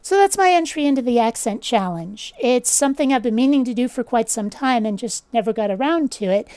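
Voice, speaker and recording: A fairly high, smooth voice belongs to a woman talking straight to camera in a casual vlog. She is blunt and opinionated, dropping swear words without a second thought. The sound is dry and close. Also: animated, brisk, mellow, dry recording. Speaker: channel host.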